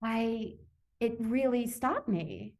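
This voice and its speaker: Woman guest, animated storyteller who acts out her own thoughts, video-call interview. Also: a little high, takes it slowly. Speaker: summit guest, author.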